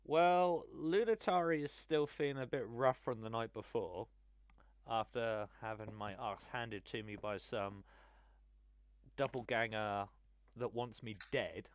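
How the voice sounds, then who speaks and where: A man playing a tabletop game casually, speaking for his character at a middling pitch. His voice is dry and close, and he talks in a chatty way with many fillers. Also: fairly even intonation, measured pace, no room sound. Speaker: player.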